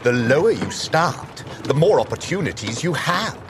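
A man's voice: on the high side, very animated, normal speed, background noise. An actor playing an earnest, fussy male angel who lectures in a prim, insistent way, in a clip from a TV drama. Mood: earnest, lecturing. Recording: clip from a TV drama with loud outdoor ambience and horses.

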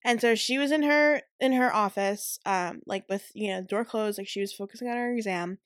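A woman's voice: mid-range voice, brisk, no echo, studio quality. A woman in her twenties telling a casual story as a college student vlogger, chatty and full of fillers. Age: 20s.

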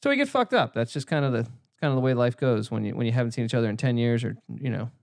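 A man co-hosting a casual sports podcast, telling stories in an animated way and swearing freely. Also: mid-range voice, very fast, dry recording, clean studio sound. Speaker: podcast co-host.

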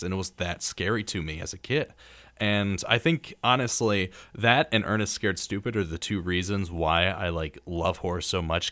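Young man, radio host, low voice, dry studio sound, rambling storyteller. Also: no echo. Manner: relaxed storyteller, acting out scenes with many ums. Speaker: radio talk show host. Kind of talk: casual chat about horror movies.

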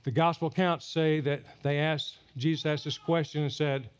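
A pastor delivering a sermon at a church service, animated and teasing the congregation. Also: male voice, fairly high pitch, moderate pace, hardly any pauses, lo-fi sound.

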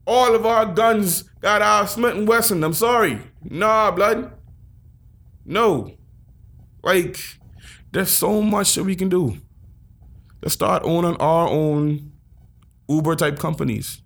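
A man's voice: high voice, takes it slowly, gravelly, long pauses. A man co-hosting a podcast in casual chat, talking emphatically and animatedly. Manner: animated, emphatic, laughs a lot. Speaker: podcast co-host.

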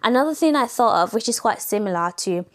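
A young woman with a raspy voice, hosting a casual solo podcast in a chatty, playful way, laughing often. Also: on the high side, lively intonation, fast talker, faint music behind. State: voice going raspy. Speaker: podcast host.

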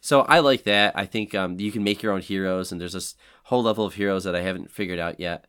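Low-voiced rambling man. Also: quick pace, fairly bright tone, clear, resonant tone. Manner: rambling, many fillers. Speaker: podcast co-host. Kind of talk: casual chat.

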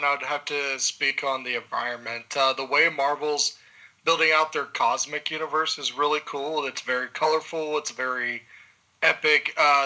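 Male co-host, very bright tone, loose rambling movie chat. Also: medium pitch, low-quality recording. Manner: relaxed, rambling with many fillers. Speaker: podcast co-host. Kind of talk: casual movie review chat.

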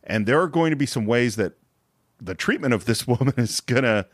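A man's voice: mid-range voice, brisk, no room sound, studio quality. A man co-hosting a film podcast, chatting casually about a movie as it plays, often acting out lines and laughing. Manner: animated, acts out quoted lines, laughs often. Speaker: podcast co-host. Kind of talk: casual film commentary chat.

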